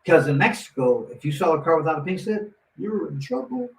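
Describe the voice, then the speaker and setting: A man's voice: on the high side, fairly quick. A man telling a long story in casual talk, acting out the voices of the people in it with lots of restarts. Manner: animated, acts out quotes with lots of restarts. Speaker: guest storyteller. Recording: roomy echo, mic at a distance, faint noise.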